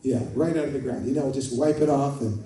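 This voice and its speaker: Pastor in an echoey church. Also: male voice, mid-range voice, fairly even intonation, brisk, mellow. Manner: conversational, storytelling, rising to fervent prayer. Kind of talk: sermon. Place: church sanctuary. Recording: echoey church hall from far off.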